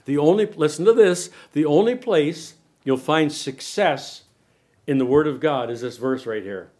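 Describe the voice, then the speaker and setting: Older man, sermon preacher, slightly higher voice, animated and questioning the congregation. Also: unhurried. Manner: animated preaching, asks the room questions, varies loudness a lot. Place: church sanctuary.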